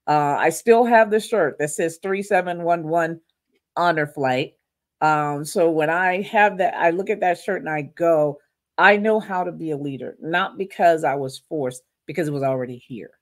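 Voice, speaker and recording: Woman, middle-aged, animated storyteller, lowish voice. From Louisiana. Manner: animated storyteller, acts out quotes. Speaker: guest. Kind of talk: storytelling in a podcast interview.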